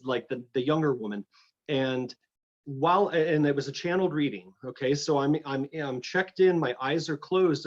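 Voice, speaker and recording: Middle-aged man, slightly high, muffled. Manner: animated storyteller, many restarts and fillers. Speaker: guest, energy healer. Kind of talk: storytelling in an interview.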